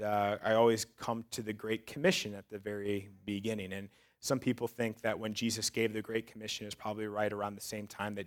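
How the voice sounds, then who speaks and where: A man, a church pastor, preaching in a conversational way that builds to loud, emphatic peaks. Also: lowish voice. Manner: self-described sarcastic. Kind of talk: sermon.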